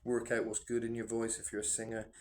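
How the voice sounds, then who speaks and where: A man's voice: fairly low pitch, completely flat delivery, fast talker, darkish tone, slight background noise. A man who sings himself, giving rambling, enthusiastic reaction commentary full of fillers. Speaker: music reaction vlogger and singer.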